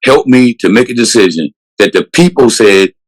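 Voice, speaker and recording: Man, fifties, police chief, earnest, emphatic, frequent restarts, mid-range pitch. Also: lively intonation, normal speed, low-quality recording. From South Carolina, USA. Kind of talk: interview answers.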